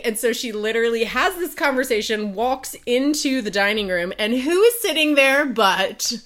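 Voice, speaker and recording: A woman in her late twenties, co-hosting a podcast, summarizes a novel's plot in a relaxed book chat. Her voice is a little high, she keeps a moderate pace with few pauses, and she tells the story with animation, acting out the characters' lines.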